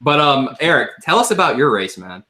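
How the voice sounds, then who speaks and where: Bright-voiced joking male podcast host. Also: mid-range voice, big pitch swings, a little fast. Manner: laughs a lot, loose and joking, many fillers. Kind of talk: casual chat about sim racing.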